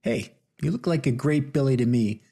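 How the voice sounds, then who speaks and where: A man's voice: medium pitch, lively intonation, moderate pace, creaky, dark tone, husky, voice pushed up. A man voicing an earnest, good-natured male history buff who talks in a friendly way.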